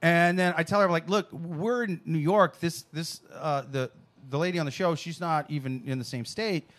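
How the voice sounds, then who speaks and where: A man hosting a casual comedy talk show, telling a story in an animated, profane way. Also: fairly high pitch, moderate pace. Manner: animated storyteller, swears freely. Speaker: podcast host.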